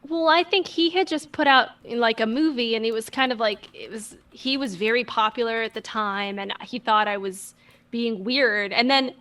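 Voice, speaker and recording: A woman's voice: on the high side, moderate pace, a bit bright. A woman musician guest, telling stories in a casual, rambling, self-deprecating way. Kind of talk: casual storytelling chat.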